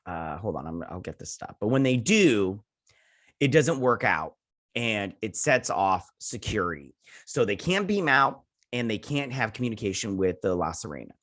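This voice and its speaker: A man's voice: on the low side, sing-song, normal speed, fairly bright tone. Rambling chatty man recapping an episode. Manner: loose and chatty, heavy with fillers and restarts, acting out quotes in goofy voices. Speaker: show host reviewing a TV episode.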